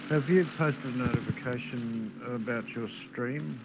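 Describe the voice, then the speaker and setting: A middle-aged man commentating a live sim race, chatty and gruff with his co-hosts. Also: medium pitch, a little slow, dull audio. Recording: loud noise on stream audio.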